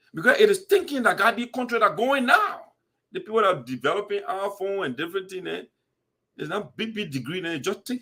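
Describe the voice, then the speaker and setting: A man's voice: high-pitched, fairly bright tone. Impassioned man, preachy and rhetorical. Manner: preachy, rhetorical, scolding, quotes scripture. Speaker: diaspora community commentator. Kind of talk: impassioned commentary monologue.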